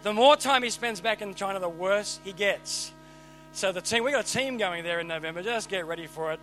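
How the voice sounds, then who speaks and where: A man preaching a sermon, animated and emphatic, swinging between loud and quiet. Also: sits high, fairly quick, soft background music, rough recording.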